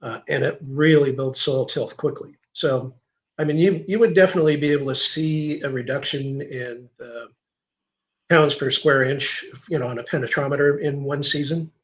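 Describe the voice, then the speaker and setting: A man as a guest in an interview, explaining soil science in a measured way, thinking aloud with fillers and restarts. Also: medium pitch, steady tone, highs cut off. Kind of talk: technical interview answer.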